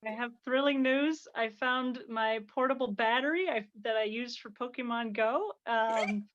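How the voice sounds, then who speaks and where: Rambling self-mocking woman, high voice. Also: normal speed, fairly bright tone, slight background noise. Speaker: comedian debater. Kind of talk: casual comic debate over a call. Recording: dull lo-fi call audio.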